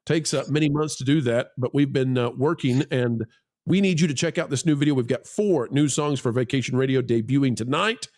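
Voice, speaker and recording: A man's voice: mid-range voice, a little fast, a little mellow. A man hosting a live online panel show, joking and teasing his co-hosts between plugs and reading out donations. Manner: jokey, teasing, rambling with fillers. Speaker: livestream host. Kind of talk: casual livestream panel chat.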